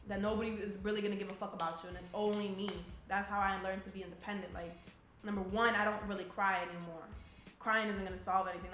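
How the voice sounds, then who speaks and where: Her voice a bit bright and medium in pitch, this young army soldier from New Jersey swears freely and speaks bluntly as she recounts personal stories in an interview. The room echoes, and faint music plays in the background.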